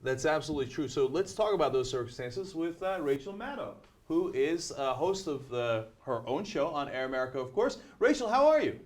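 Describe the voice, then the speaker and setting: A man hosting a political web talk show, talking in an energetic, animated way with plenty of fillers. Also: a little high, a little fast, hardly any pauses. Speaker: show host.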